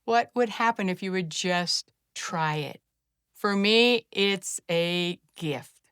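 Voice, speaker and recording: A middle-aged woman teaching a simple calming technique, speaking gently and encouragingly and slowing to a soft hush during the breathing steps. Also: mid-range voice, clear, resonant tone, no room sound, studio quality. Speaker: wellness practitioner teaching a self-care technique. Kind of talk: guided instruction to camera.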